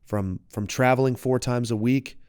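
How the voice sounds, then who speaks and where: A man's voice: medium pitch, fairly even intonation, moderate pace, darkish tone, smooth, no room sound, clean studio sound. A man in his twenties, a podcast guest, telling a personal story in an open, heartfelt and reflective way. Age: 20s.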